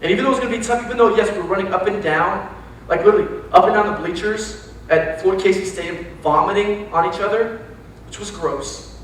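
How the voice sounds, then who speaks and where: A young man with a Texan accent preaching a casual, joking sermon to young adults, telling animated stories with slang. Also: sits high, quick pace. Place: large church hall. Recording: very echoey hall, distant mic, faint hiss.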